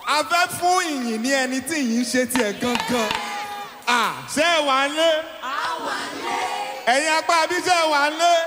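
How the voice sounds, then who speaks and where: A man's voice: very high voice, fairly quick, long pauses. A man leading a praise song and calling on the congregation to sing. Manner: singing and calling to the crowd. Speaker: worship leader. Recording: hall reverb with music behind.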